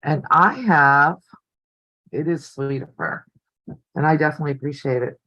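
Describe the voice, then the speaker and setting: A woman's voice: deep voice, normal speed, sharp tone, dry recording, lo-fi sound. An older woman hosting a casual live stream from her home craft room, chatty and easily delighted. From United States. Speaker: quilting channel host.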